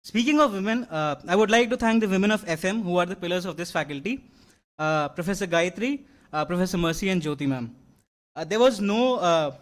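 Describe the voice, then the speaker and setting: A young award-winning graduate, animated and fairly quick in a high voice, gives an earnest convocation speech in a large hall. His remarks come with numerous fillers and restarts.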